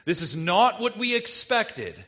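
A man voicing an excited, hopeful Israelite man in a crowd, reassuring the others with eager exclamations. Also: high-pitched, a little slow, highs cut off, voice pushed up, exaggerated voice.

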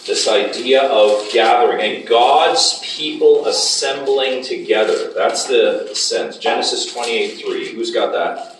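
A man lectures a Bible study class in a classroom, often stopping to ask the group questions. His voice sits at an everyday middle pitch. It is picked up from across a very echoey room, with a faint hiss underneath. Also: slow, far from the mic. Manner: asks the class frequent questions. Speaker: Bible teacher.

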